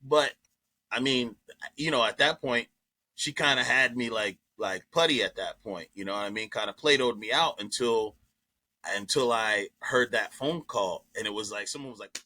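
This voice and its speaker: A comedian guest telling a story in casual chat, profane and animated, jumping into other people's voices as he goes. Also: mid-range voice, moderate pace.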